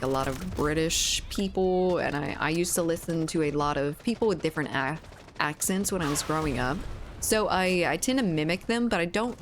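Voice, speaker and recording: Cajun woman streamer, low voice, loose rambling chatter with casual swearing, faint game gunfire behind. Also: slight background noise. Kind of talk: casual chat while gaming.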